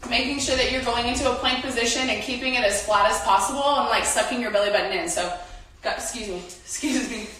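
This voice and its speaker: Young female workout coach, casual and chatty, a bit out of breath, somewhat high voice, heavy room echo. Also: fairly even intonation, quick pace, hardly any pauses, bright, forceful tone. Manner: chatty, talks while exercising. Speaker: workout instructor. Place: home room. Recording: very echoey room, from a distance.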